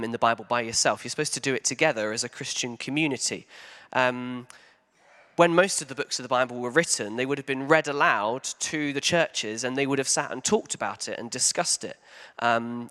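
In a church hall, a pastor with a medium-pitched voice delivers a sermon in a conversational way, full of ums and animated emphasis.

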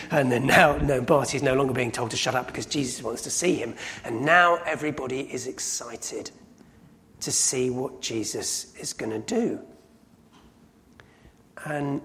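A man preaching a sermon, telling a story in a conversational way and often slowing down to emphasize lines. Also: medium pitch, a little hiss or hum. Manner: conversational storytelling with sudden loud acted cries.

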